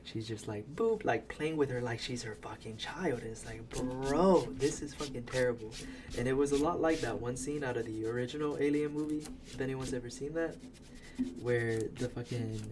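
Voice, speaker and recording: A man giving a casual, profane recap of a movie as a voice-over, animated and laughing as he tells it. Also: mid-range voice, normal speed. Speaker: video creator.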